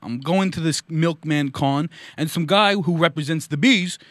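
A man's voice: a little high, normal speed, a bit bright, dry recording, studio quality, close to an everyday voice. A man doing a blustering old Vermont politician. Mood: ranting. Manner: ranting, blustery, repetitive stammering. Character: cranky older male Vermont politician type. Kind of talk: comedy story bit, Bernie Sanders impression.

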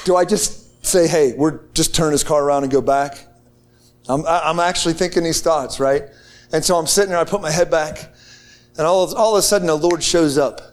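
A man from the United States telling a testimony to a group in an excited, casual way, with slang and many restarts. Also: fairly high pitch, fairly quick. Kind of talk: animated storytelling to a group.

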